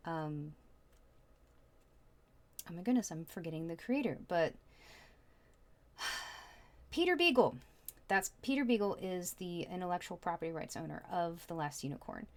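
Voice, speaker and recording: Woman, tarot reader, casual reading, rambling chatty delivery, lower voice.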